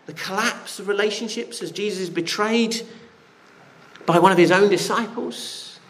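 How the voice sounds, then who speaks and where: A man preaches in an earnest voice that sits a little high, often asking his listeners questions and restarting his phrases. Faint ambience hums behind him. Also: moderate pace, a bit bright, a little hiss or hum. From Britain. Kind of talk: sermon.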